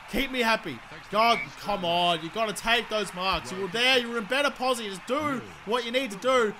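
A young Australian man giving excitable, sweary live commentary on a football video game, swinging between mutters and shouts. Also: high voice. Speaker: gaming commentator. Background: crowd noise from the game.

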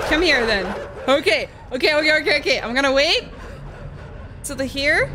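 A woman's voice: high voice, animated, normal speed, a crowd in the background, noisy background. A young woman with a Dutch accent giving live gameplay commentary, jumpy and shrieking and laughing at scares. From Netherlands. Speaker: streamer.

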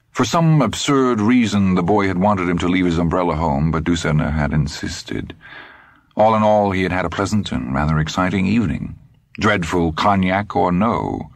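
A man narrating an audiobook in a dry, measured storytelling manner. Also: low-pitched, creaky, no echo. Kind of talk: scripted narration.

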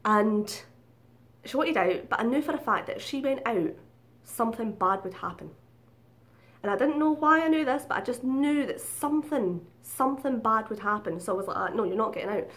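A woman's voice: fairly high pitch, lively intonation, moderate pace, a bit bright. A woman talks straight to her viewers in a casual storytelling vlog. She is chatty and unguarded, swears freely and laughs at herself along the way. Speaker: vlogger.

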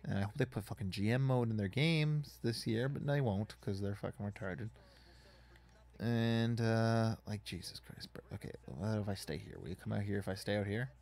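A man's voice: fairly low pitch, moderate pace, darkish tone. A man casually commenting on a wrestling video game as he plays, rambling and swearing in frustration at it. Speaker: gaming YouTuber.

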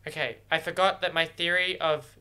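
A man's voice: on the high side, steady tone, moderate pace, bright, forceful tone, clean tone. A man thinking aloud as he watches a film for the first time, emotional and exclaiming. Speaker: movie reactor. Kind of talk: first-watch movie reaction commentary.

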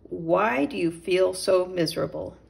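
A small, clever mole from a storybook, earnest and a touch indignant, as a woman puts him on. He reasons slowly, with a gravelly edge. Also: medium pitch. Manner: indignant, persuasive.

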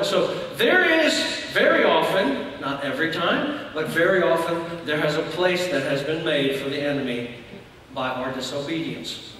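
A high-voiced man preaches a sermon with a bright, forceful edge, telling a story and shouting out the lines of its people. He sounds distant from the mic, his voice ringing through a large reverberant church hall with faint room noise underneath. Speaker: church elder. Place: church sanctuary. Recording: echoey hall from far off.

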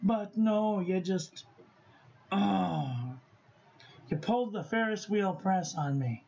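A man vlogging about stationery, talking to himself in an expressive, profane way as he tests inks. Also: high-pitched, takes it slowly, vocal fry, muffled recording. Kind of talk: casual unboxing vlog.

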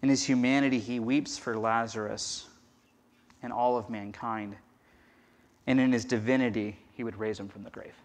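A man preaching a conversational sermon as pastor, swinging from loud emphasis to a near-whisper. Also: mid-range voice, steady tone, moderate pace. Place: church.

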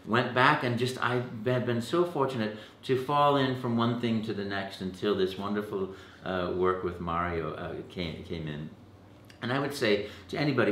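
A man, a voice actor, telling stories in a casual interview, animated and full of restarts, jumping into a high pitch when he acts out quotes. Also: reverberant. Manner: halting restarts, repeated words. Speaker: voice actor guest.

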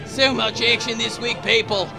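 Hyped man with gravelly voice. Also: fairly even intonation, moderate pace. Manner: exclamatory, shouts "boom" at each kill. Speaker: host of gameplay clip countdown. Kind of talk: hyped gameplay commentary. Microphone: headset. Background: music.

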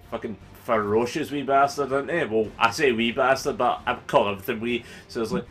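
A young Scottish man commentating his gameplay live, excitable and sweary, often bursting into yelling. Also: medium pitch. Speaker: gaming YouTuber. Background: game music.

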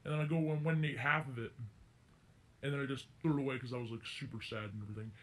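A man's voice: medium pitch, fairly even intonation, racing, fairly bright tone. A teenage boy telling a rambling, self-correcting story in a casual story-time vlog. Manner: rambling, circling back and correcting himself. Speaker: vlogger.

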